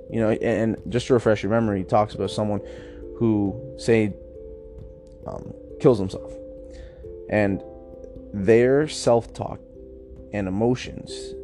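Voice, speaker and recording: A man hosting a casual podcast, talking through a self-help book in an upbeat, chatty way, with a slightly rough morning voice. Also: lowish voice, mellow. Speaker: podcast host.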